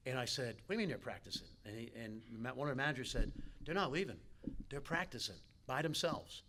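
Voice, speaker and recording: A man's voice: medium pitch, brisk, background noise. A man giving a motivational keynote at a team dinner, telling stories and talking straight to the players. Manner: animated storyteller, talks straight to the players. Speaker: keynote speaker. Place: banquet hall.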